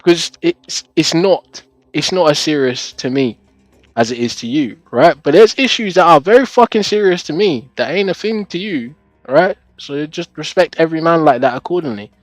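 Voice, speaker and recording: A man's voice: a little high, lively intonation, normal speed, dry recording. A young man on a live stream, chatting casually to his viewers. He laughs often, swears, and keeps tagging his points with "right?". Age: young adult.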